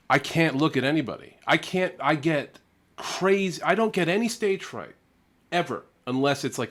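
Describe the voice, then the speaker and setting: A man from Connecticut giving chatty, self-deprecating reaction commentary. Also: mid-range voice. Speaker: reaction video host.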